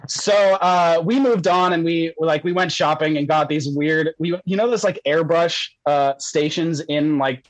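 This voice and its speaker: A man's voice: a little high, unhurried, few pauses, no room sound, poor audio. A young man telling a story as a podcast guest, casual and rambling, laughing often and saying "like" a lot.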